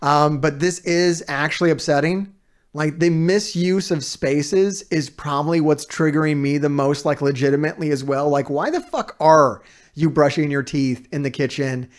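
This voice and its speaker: A man's voice: a little high, steady tone, normal speed. A man reacting to a video as a streamer, ranting in casual, heavily profane and exasperated commentary.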